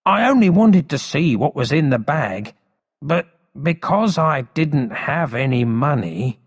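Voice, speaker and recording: A man reading aloud, voicing a sly grown-up thief who pleads his innocence in a low voice. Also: animated, unhurried. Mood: pleading. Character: sly adult male thief, falsely apologetic. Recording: long hall reverb.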